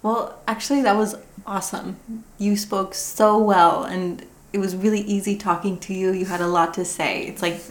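A woman hosting a casual bilingual interview, chatty and quick to laugh. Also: medium pitch, steady tone, echoey room. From Iran. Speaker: podcast host. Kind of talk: casual conversation.

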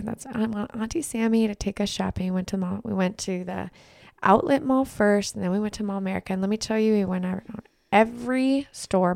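Woman cohost chatting, laughs a lot, mid pitch, dry close sound. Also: vocal fry, no room sound. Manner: chatty storyteller, laughs often. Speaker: podcast co-host. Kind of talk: casual chat.

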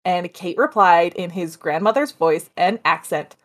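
A woman's voice: on the low side, unhurried, few pauses. A woman co-hosting a podcast, casually retelling a ghost legend with chatty asides. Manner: chatty, animated, with asides and laughs. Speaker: podcast co-host telling a story. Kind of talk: casual storytelling chat.

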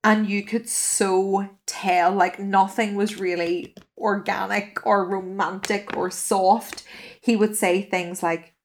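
A woman's voice: medium pitch, little pitch movement, takes it slowly. A woman co-hosting a podcast, chatting casually and frankly, swearing freely and laughing at her own stories. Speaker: podcast co-host. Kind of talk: casual chat.

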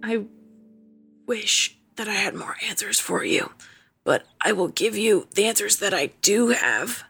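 A woman voicing a man returned from the dead, speaking earnestly and quietly to his sister. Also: lively intonation, measured pace, creaky, breathy edge, faint music behind, exaggerated voice. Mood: subdued. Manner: subdued, earnest, low-key. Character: adult man back from the dead, apologetic.

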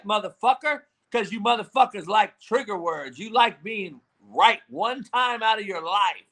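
A man hosting a live show, yelling and cussing as he answers the chat, speaking on a phone held far away. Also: high-pitched, lively intonation, measured pace, few pauses. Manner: loud, yelling, profane, confrontational. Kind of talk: profane ranting commentary.

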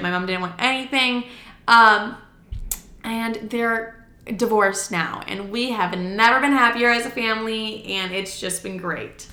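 A young woman tells a casual story time, chatty and blunt, swearing freely as she acts out each quote. Her voice is bright and forceful. It rings a little in an echoey room. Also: mid-range voice. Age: young adult.

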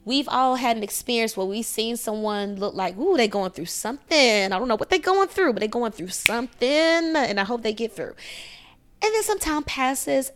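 A woman hosting a podcast, giving casual astrology advice in a lively way, often checking in with "right?" and "okay?". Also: mid-range voice. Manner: animated, acts out quoted voices, frequent "right?" and "okay?". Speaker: podcast host.

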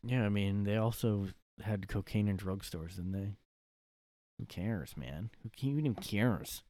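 A man's voice: on the low side, a little slow, dark tone, dry recording. A man hosting a solo podcast from his room, rambling and joking and laughing at his own bits. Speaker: podcast host. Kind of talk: casual solo monologue.

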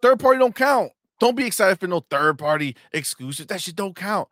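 A young adult man co-hosting a gaming livestream, animated and profane, trash-talking rival fans and reading viewer chat aloud. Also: high-pitched, a little fast, no echo, studio quality. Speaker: co-host of a gaming talk stream. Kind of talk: casual livestream banter.

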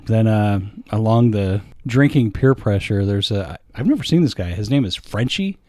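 Lively low-voiced man chatting. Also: moderate pace. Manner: relaxed storytelling, laughs often. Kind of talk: casual chat.

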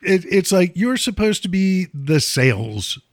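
A man's voice: sits high, sing-song, unhurried, no room sound, clean studio sound. A man in casual chat, ranting with strong opinions.

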